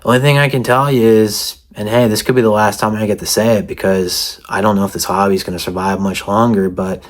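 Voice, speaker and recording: A man's voice: on the low side, fairly even intonation, fairly quick. A man giving a mock-serious, sarcastic comedic rant to the camera as a vlogger. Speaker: satirical vlogger.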